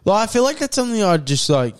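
A man's voice: high-pitched, very animated, clear, resonant tone. A man co-hosting a podcast, chatting casually, often hesitating and filling gaps with "like". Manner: hesitant, trails off with fillers, quick reactions. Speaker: podcast co-host. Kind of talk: casual crude chat.

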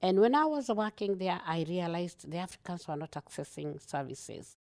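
Kenyan-accented woman, gravelly, lowish pitch, earnest, animated storyteller; interview guest. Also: moderate pace. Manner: earnest, animated, laughs often.

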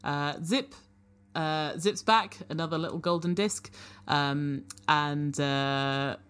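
A woman running a tabletop game, narrating casually with many halting fillers. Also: low-pitched, flat delivery, a bit bright, smooth. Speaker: game master.

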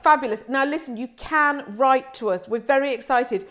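A woman's voice: high-pitched, normal speed, fairly bright tone. A woman co-hosting a podcast, chatty and bubbly, often breaking into laughter. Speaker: podcast co-host. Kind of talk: casual chat.

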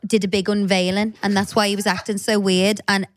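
A woman's voice: medium pitch, flat delivery, a little fast, dry recording. A woman, co-hosting a podcast and telling stories in a blunt, teasing way. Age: 30s. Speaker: podcast co-host. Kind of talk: casual chat.

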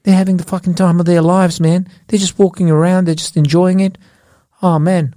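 A British man co-hosting a podcast, teasing and quizzing his co-host in relaxed, jokey chat. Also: high-pitched, fairly quick, no echo, studio quality. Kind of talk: casual comedic chat.

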